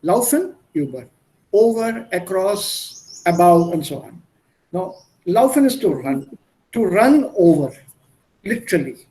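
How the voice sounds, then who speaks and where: Lively high-voiced man tutoring German. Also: measured pace. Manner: patient, explains by repeating synonyms. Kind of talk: online one-on-one language lesson.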